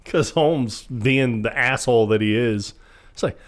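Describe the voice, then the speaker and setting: A man's voice: medium pitch, measured pace. A man co-hosting a podcast, laughing often while quoting lines from a comedy film in casual chat. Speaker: podcast co-host.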